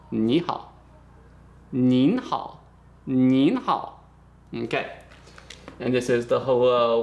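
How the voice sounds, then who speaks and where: A man teaching a beginner language lesson in a relaxed, chatty way, repeating words slowly for practice. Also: mid-range voice, gravelly. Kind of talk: casual spoken lesson.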